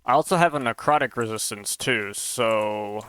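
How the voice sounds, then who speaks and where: A man's voice: lowish voice, moderate pace, fairly bright tone, smooth, dry recording. A man streaming as he tests his own game mod, thinking aloud in a casual, musing way and often unsure of what he sees. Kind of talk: casual live-stream commentary while testing a game mod.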